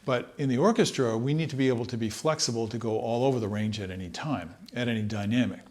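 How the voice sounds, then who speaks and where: A man teaching trumpet, talking in a relaxed, thoughtful way and sometimes singing short phrases to demonstrate. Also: medium pitch, quick pace. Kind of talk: instructional talk.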